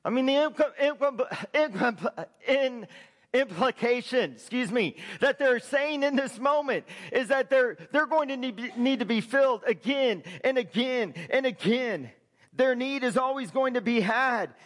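Male pastor, very high voice, sermon delivery with loud shouted peaks. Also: lively intonation, a little slow. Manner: preaching with rising shouted emphasis.

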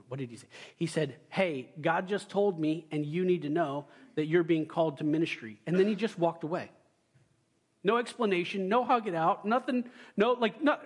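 A young adult male pastor giving a sermon, telling stories with loud excited bursts and quiet asides. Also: high-pitched.

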